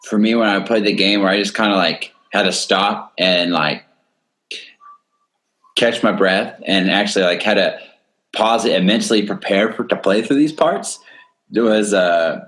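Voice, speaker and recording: A man's voice: fairly low pitch, moderate pace. A young man in his twenties, co-hosting a casual chat, who rambles with many fillers and restarts and coughs now and then. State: has a cough. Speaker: co-host. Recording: loud music playing behind.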